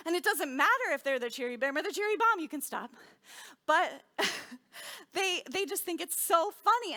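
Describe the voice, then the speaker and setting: A woman with a very high voice tells a children's story at a service. She's animated and pulls the kids in with questions and call-and-response games.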